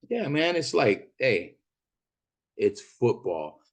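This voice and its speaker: A man from Arizona casually retelling a rideshare story, profane and animated, acting out the other people's lines. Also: lowish voice, unhurried, slightly rough. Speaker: rideshare driver telling a story.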